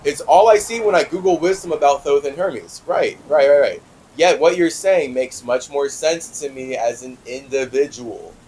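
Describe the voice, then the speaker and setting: A man hosting a spiritual talk show, reading a listener's letter aloud and answering it in a passionate, heated monologue with big swings in pitch and loudness. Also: normal speed, slight background noise, low-quality recording.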